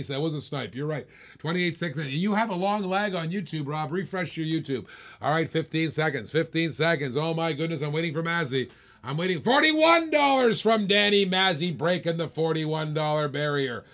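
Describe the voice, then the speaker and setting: A man calls bids on a live-stream auction, all hyped-up patter and playful teasing of the bidders. His voice sits a bit high for a man. He talks like a showman working a crowd. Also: fairly bright tone. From Australia.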